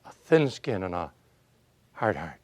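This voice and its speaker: This man pitches his voice low but lets it swing widely, taking his time as he gives a folksy motivational speech. He is a motivational speaker who tells stories, leans on rhetorical questions, and makes his points emphatically.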